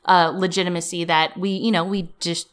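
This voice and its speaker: Guest comedic actress, woman, Midwest-raised, loose and laughing, clear resonant tone. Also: fairly low pitch, little pitch movement, normal speed. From American Midwest. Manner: chatty, heavy "like" fillers, laughs often. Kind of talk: casual interview chat.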